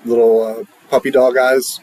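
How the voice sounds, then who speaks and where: A man narrating as dungeon master for a tabletop game, in relaxed, halting speech with fillers. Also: medium pitch, no room sound.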